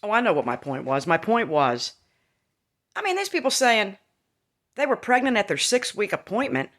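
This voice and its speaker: A woman's voice: mid-range voice, sing-song, moderate pace, a bit bright. Candid rambling woman in her fifties. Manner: candid, rambling, laughing asides. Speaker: vlogger. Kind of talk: casual storytelling to camera.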